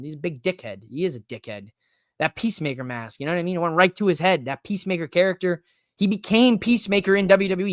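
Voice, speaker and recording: A man hosting a podcast, ranting casually about wrestling in an animated, profane, joking way. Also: high-pitched, no room sound, studio quality. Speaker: podcast host. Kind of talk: casual wrestling recap rant.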